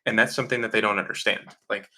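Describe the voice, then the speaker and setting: A man's voice: fairly low pitch, steady tone, moderate pace, bright, forceful tone. A man hosting a live question-and-answer stream, talking casually and with strong opinions, often mocking other people in quotes. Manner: opinionated, mocking voices in quotes, frequent fillers. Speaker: livestream host answering chat questions.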